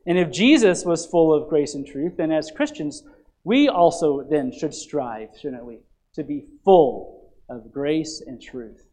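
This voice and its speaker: Here a man preaches as pastor in an animated, unhurried way. He alternates emphatic, booming passages with hushed, low ones and invites the congregation to complete his phrases.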